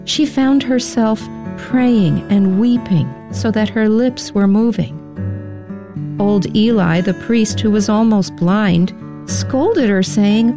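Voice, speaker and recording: A woman narrating a story in a gentle, scripted reading style. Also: medium pitch, slow, over music.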